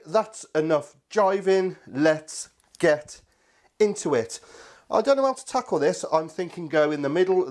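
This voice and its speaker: A man hosting a casual cooking video, chatty and enthusiastic, talking to viewers as his friends. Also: fairly high pitch. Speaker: cooking channel host.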